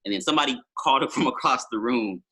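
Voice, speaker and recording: A man's voice: medium pitch, fast talker, pushed and bright, breathy edge. A man talking as a musician guest on a podcast, telling long rambling stories full of fillers in casual conversation. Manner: rambling storytelling with many fillers.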